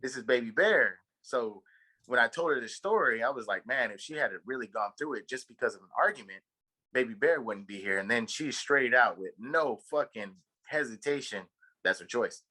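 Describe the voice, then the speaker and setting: Bright-voiced man telling a rambling story. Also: mid-range voice, expressive, normal speed, slightly rough, low-quality recording. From Texas. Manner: rambling, profane storytelling with many fillers. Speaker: podcast co-host. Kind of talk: casual chat.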